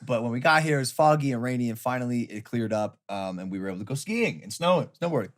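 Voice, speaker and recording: A man hosting a podcast in casual chat, excitable and swearing as he tells a story. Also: medium pitch, fast. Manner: excitable, swears, laughs into stories. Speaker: podcast host.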